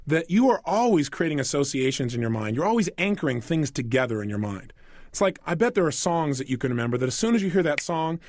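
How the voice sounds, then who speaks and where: A man talking through a recorded self-help program, animated, asking the listener questions and acting out quoted voices. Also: a little high, dry recording, clean studio sound. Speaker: motivational speaker.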